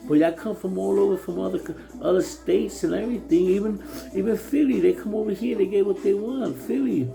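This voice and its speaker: A man's voice: sits high, a little fast, creaky, dark tone, soft background music, poor audio. A man from New City, ranting heatedly in a repetitive, stammering, profane way about his town. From New York City. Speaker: local resident. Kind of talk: casual ranting monologue.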